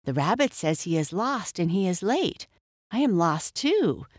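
A woman voicing a nervous, lost young princess who speaks timidly and softly. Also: fairly low pitch, sing-song, unhurried, no echo, clean studio sound. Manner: timid, hushed.

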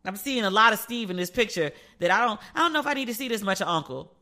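A woman's voice: mid-range voice, quick pace. A woman hosting a casual chat show, sassy and playful, telling stories and acting out the people she quotes. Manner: animated storyteller who acts out quoted people. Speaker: podcast host. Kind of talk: casual chat, gossip commentary.

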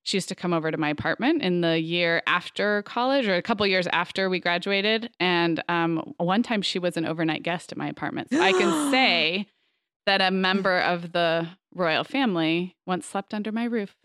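A woman's voice: fairly low pitch, expressive, normal speed, hardly any pauses, fairly bright tone, clear, resonant tone, dry recording, studio quality. A woman in her thirties co-hosting a podcast, telling stories in a chatty way with frequent laughs and restarts. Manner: chatty, laughing, self-correcting storyteller. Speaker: podcast co-host. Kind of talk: casual chat.

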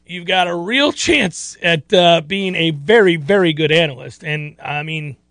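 A man with a fairly high voice hosts a sports talk show. He rambles in a chatty, easygoing way and sometimes slips into playful put-on voices. The studio mic is close and dry, with no room sound. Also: measured pace, fairly bright tone, dry recording. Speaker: sports radio host. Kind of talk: casual sports radio talk.

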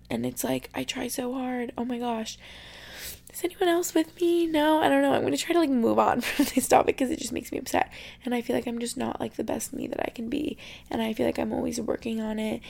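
A young adult woman talks through her solo podcast in a loose, emotional ramble, with "like" in nearly every phrase. Her voice sits a little high and carries a steady vocal fry. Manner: chatty, emotional, fillers of "like". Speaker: podcast host. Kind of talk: casual solo podcast chat.

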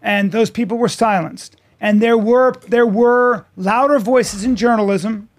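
A man's voice: sits high, steady tone, unhurried. A man co-hosting a podcast, talking in a casual, boisterous and emphatic way with lots of swearing. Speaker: podcast co-host. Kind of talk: casual chat.

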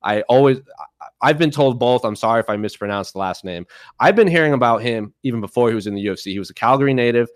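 A man co-hosting a casual podcast, chatty and quick to laugh. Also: mid-range voice, expressive, dry recording, clean studio sound. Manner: chatty, laughs easily, some restarts. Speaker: podcast co-host. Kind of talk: casual podcast chat about MMA.

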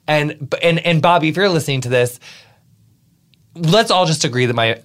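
A podcast host chatting casually, animated and joking, playing up his own drama. His voice sits fairly high for a man. He keeps the talk loose and playful. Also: normal speed. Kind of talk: casual chat.

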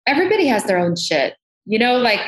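A woman's voice: on the high side, very animated, fast talker. A woman makeup artist, a guest in a casual interview, talking candidly and animatedly and swearing freely. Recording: roomy echo.

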